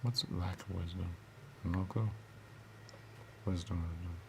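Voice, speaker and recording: A low, gravelly man wanders through a rambling back-and-forth with himself. He repeats words over and over and sometimes drops into a whisper. A faint hiss sits under the recording. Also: steady tone, a little slow. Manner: circular, repetitive musing with sudden whispers. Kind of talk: rambling self-dialogue, asking and answering himself.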